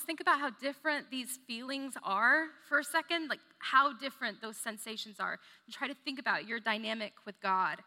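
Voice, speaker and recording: A woman preaches a sermon in a very bright, sharp voice that sits fairly high. She talks earnestly, repeating phrases and asking the audience questions. A long hall reverb trails each phrase.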